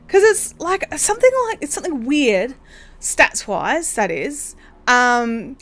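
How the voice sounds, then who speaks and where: A woman's voice: on the high side, a bit bright. An Australian woman hosting a casual craft livestream, chatty and bubbly, rambling with lots of fillers. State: hiccups. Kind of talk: casual live chat.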